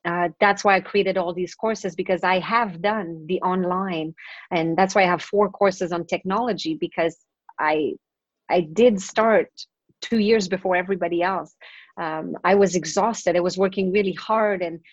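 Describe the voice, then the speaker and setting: A woman's voice: fairly low pitch, fairly even intonation, moderate pace, no echo. Upbeat chatty woman, dry lo-fi sound. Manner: chatty and upbeat, many fillers. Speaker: guest, confidence coach. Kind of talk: casual interview chat.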